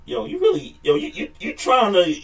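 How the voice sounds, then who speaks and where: A man's voice: high voice, huge pitch swings, normal speed, creaky, faint music behind. A man co-hosting a podcast, acting upset and muttering in casual, profane sports banter. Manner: mock-upset, sulky, trailing off into mutters. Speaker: podcast co-host and moderator. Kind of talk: casual heated sports talk.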